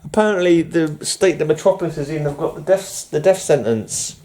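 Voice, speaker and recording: Male comic collector vlogging from home; mellow, rambling, chatty. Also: on the high side, fairly quick. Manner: rambling, chuckling, many fillers. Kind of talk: casual chat showing comics. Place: room at home under fluorescent light.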